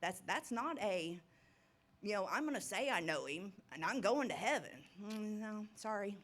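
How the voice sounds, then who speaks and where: A woman's voice: medium pitch, expressive, normal speed, a bit bright. A middle-aged woman giving an informal, rambling testimony talk at a recovery ministry, nervous and laughing often.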